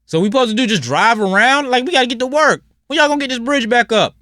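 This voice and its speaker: A man's voice: very high voice, fast, bright, forceful tone, dry recording, clean studio sound, pitched above the performer's own voice. A man mimicking an irritated male commuter who complains indignantly about having to take a detour. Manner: whiny, indignant.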